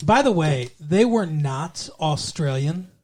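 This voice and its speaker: A man's voice: on the high side, animated, slow pace, darkish tone. A man co-hosting a podcast, chatting casually about a TV episode, sarcastic and profane, breaking into sung lines and mock voices. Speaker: podcast co-host. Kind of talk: casual chat recapping a TV episode.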